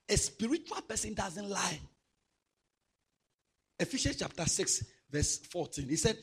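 A man preaching a sermon to young people. He swings from soft asides to loud exhortation. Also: high voice, lively intonation, normal speed, slightly rough.

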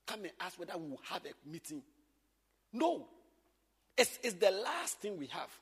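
A man's voice: high voice, moderate pace, slightly rough, long reverb tail. A man, teaching church workers in an emphatic, repetitive way. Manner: animated, emphatic, repeats points.

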